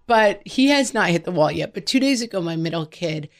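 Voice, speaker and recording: A middle-aged woman co-hosting a podcast, chatting casually and telling animated stories. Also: lowish voice, brisk, hardly any pauses. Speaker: podcast co-host.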